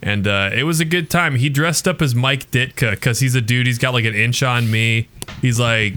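A man co-hosting a sports podcast, telling a long story in a rambling, animated way with lots of fillers. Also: mid-range voice, normal speed. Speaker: podcast co-host. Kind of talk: casual storytelling chat.

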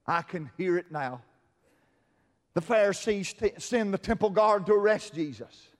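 A male preacher delivering an impassioned sermon in a sing-song cadence, dropping to soft murmurs and rising to shouts. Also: high voice, animated, unhurried. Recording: long hall reverb.

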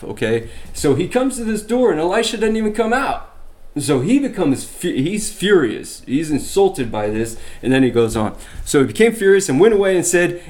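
A man's voice: a little high, darkish tone. A man teaching a Bible study, reading scripture passages aloud and then explaining them in a loose, conversational way, often checking in with "okay?".

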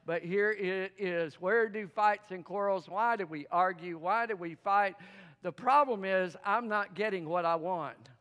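Leading call-and-response with his congregation, a man preaches as pastor, laughing frequently in a playful manner. His voice is high-pitched, clear, resonant, and a bit bright, and the church sanctuary adds long hall reverb.

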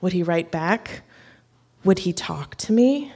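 A woman's voice: lowish voice, lively intonation, slow, a little mellow, husky. A woman telling a true story from her own life to a live audience. Her tone is wry and self-mocking, with light laughs. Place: on stage before an audience.

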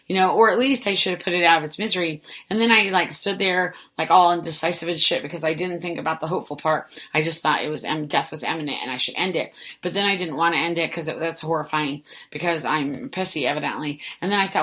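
Her deep voice pushed and bright, a woman podcast host races through a meandering story, mocking herself, saying "like" constantly and swearing casually. It's a casual solo storytelling monologue.

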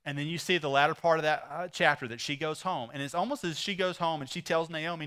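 Bright high-voiced male preacher. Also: a little fast, few pauses. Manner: animated storytelling, voicing the characters. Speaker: pastor. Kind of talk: sermon.

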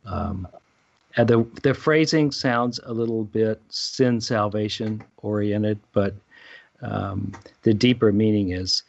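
A man, a meditation teacher, explaining a prayer practice in casual spiritual conversation, halting with fillers and restarts. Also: lowish voice, vocal fry, darkish tone, no echo, dull audio. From United States.

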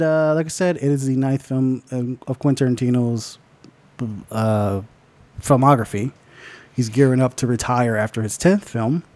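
A man's voice: mid-range voice, a little mellow. A man co-hosting a casual movie podcast, joking around and laughing often. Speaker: podcast co-host.

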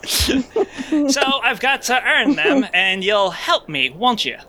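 A man's voice: extremely high pitch, sing-song, slow, sharp tone, full character voice. A man playing a bumbling, second-class guardian angel in an improvised comedy parody, goofy and giggly. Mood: playful. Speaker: player.

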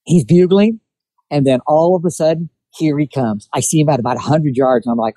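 A man's voice: on the high side, a little fast, no room sound, poor audio. A man telling a hunting story in a casual chat, acting out what people said. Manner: animated storyteller acting out quotes. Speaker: guest telling hunting stories.

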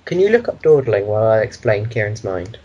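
Husky-voiced man rambling casually. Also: on the low side, big pitch swings, a little fast, warm tone, dull audio. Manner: rambling, meandering explanations. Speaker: podcast co-host. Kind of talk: casual chat.

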